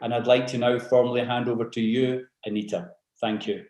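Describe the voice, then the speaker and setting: A man's voice: medium pitch, little pitch movement, brisk, a little mellow, roomy sound. A man with a mixed South African and Scottish accent opening a webinar with formal, courteous announcements. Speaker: event host.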